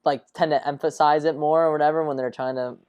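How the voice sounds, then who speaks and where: A man's voice: a little high, fairly even intonation, fast talker, muffled recording, over a noisy crowd. A man hosting a sports podcast, asking questions in a friendly way with lots of fillers. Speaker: podcast host. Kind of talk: casual interview chat.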